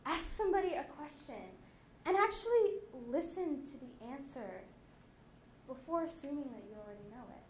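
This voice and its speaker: A teenage girl with a high voice gives a chatty, lively talk to her peers. Her voice rings around a roomy school auditorium with a faint hum behind it. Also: normal speed. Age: late teens. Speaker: student speaker. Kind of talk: youth conference talk. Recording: echoey hall.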